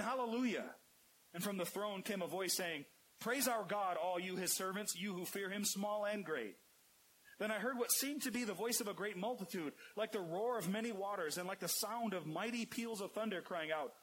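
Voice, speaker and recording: Male preacher, high voice, solemn measured scripture reading, faint hiss on the recording. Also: a bit bright, rough recording.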